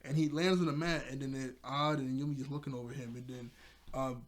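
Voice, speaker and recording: A young man casually recapping a cartoon episode, animated, acting out the characters' lines and laughing often. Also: medium pitch, a little fast. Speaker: episode reviewer.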